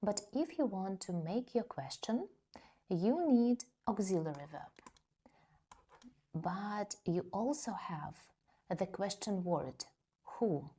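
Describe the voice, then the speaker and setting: Woman, English teacher, very slow careful delivery, mellow dark tone. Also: medium pitch, expressive, husky. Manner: slow, careful explaining with spoken examples. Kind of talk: grammar lesson.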